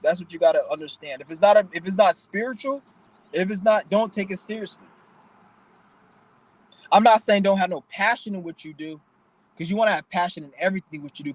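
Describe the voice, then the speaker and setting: A man's voice: high voice, brisk, no echo, low-quality recording. A young man hosting his own channel, ranting bluntly and profanely in a preachy, emotional way. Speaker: channel host. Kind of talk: casual vlog rant.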